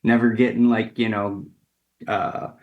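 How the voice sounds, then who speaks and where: Casual, lively man telling a story. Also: on the low side, a little slow, narrow, tinny audio. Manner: casual and animated, acts out quoted dialogue, many fillers. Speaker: ceramic artist guest. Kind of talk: relaxed storytelling interview.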